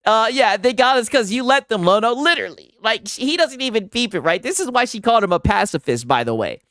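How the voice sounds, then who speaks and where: Streamer, teasing reaction commentary, lively intonation, dry sound. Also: medium pitch, fast, no room sound. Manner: teasing, mocking banter.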